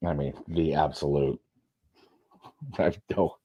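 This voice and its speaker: A man co-hosting a casual podcast chat during a football match, rambling, swearing and trailing off softly. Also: a bass voice, steady tone, slow, husky, dull audio. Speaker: podcast co-host.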